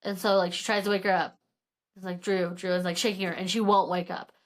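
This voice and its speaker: A woman's voice: lowish voice, level tone, fairly quick. A woman co-hosting a podcast, casually retelling a novel's plot with lots of filler words and acted-out lines of dialogue. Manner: rambling, heavy filler use, retells dialogue. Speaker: podcast co-host. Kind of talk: casual book recap chat.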